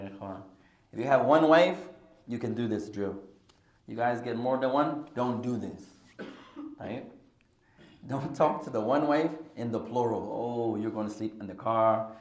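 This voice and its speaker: A man's voice: mid-range voice, normal speed, pauses often, darkish tone, echoey room. A man teaching an Islamic studies class, switching between English and Arabic and joking with his students. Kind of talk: classroom lesson with humorous asides. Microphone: podcast recording of a class.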